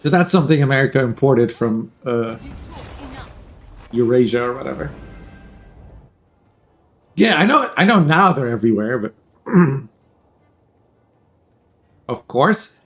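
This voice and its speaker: A man casually commentating a card game tournament over a headset, joking and rambling, often clearing his throat. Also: mid-range voice, expressive, unhurried, long pauses, fairly bright tone, a little hiss or hum. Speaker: tournament caster.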